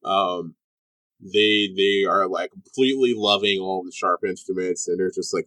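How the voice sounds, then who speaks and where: A young man runs a tabletop game in a casual, rambling way, piling up fillers as he goes. His voice sits low. The sound is dry and close. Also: fairly even intonation, normal speed, sharp tone, no echo. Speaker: game master.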